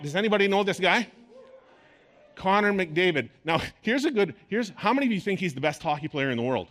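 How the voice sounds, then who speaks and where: A man preaching a sermon to a congregation, animated and playful, with bursts of sports-commentator delivery. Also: fairly high pitch. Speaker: pastor.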